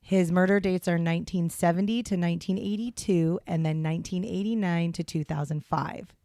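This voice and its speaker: Fairly quick and steady, her low, mellow voice carries a loose, rambling chat full of fillers as she co-hosts a casual true crime podcast. She's set up with headphones and a portable kit in a small hotel room, yet it sounds studio quality with no echo.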